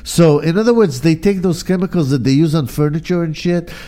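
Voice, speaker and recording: A man's voice: a little high, brisk, warm tone. A man co-hosting a casual talk show, rambling with many fillers and restarts. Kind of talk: casual chat. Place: near Burbank, California.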